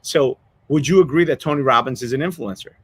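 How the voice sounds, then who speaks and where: In a casual storytelling chat, a man hosting a podcast speaks quickly in a slightly rough, mid-range voice over a dry recording. He is earnest and rambling, restarts many times, and chokes up with emotion.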